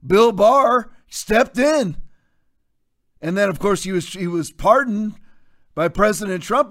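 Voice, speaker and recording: Emphatic, mocking male commentary host with a fairly high voice. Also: fairly bright tone. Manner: emphatic, mocking, folksy asides. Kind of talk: political commentary show.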